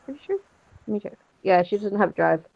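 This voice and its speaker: A woman's voice: medium pitch, lively intonation, a little fast, vocal fry, dry recording. A woman playing a tabletop role-play game, describing her character's actions in a hesitant, filler-heavy way. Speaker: player. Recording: lo-fi muffled mic.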